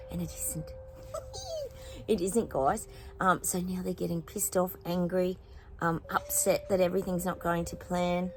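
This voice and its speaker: A woman's voice: lowish voice, a little mellow, slight background noise, rough recording. A woman hosting a psychic channel, chatting casually to her viewers with fillers and rambling asides. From New Zealand. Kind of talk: casual spoken predictions to viewers. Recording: music playing behind.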